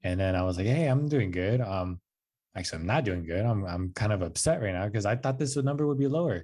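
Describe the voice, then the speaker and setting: A man in his twenties talks in a lowish voice as a podcast guest. He tells a personal story in a loose, casual way, saying "like" and "dude" a lot. He jumps up in pitch when he acts out what other people said. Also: fast talker. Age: 20s. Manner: animated, acts out quotes with raised voice; casual, says "like" and "dude" often.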